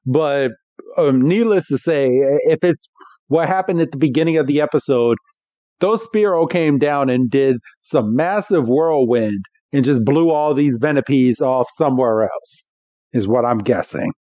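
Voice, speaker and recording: A man co-hosting a podcast, casually recapping a cartoon episode with animated retelling that acts out the characters, on dull, dry podcast audio. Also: medium pitch, a little slow, no echo. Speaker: podcast co-host.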